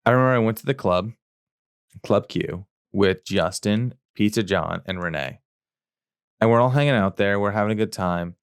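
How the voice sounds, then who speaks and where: A man with a low voice, co-hosting a casual podcast. He tells stories in an animated way and acts out what others said, recorded close and dry with no room sound. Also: moderate pace, clear, resonant tone, no echo. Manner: animated anecdote-telling with sound effects and acted quotes. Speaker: podcast co-host. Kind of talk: casual chat, storytelling.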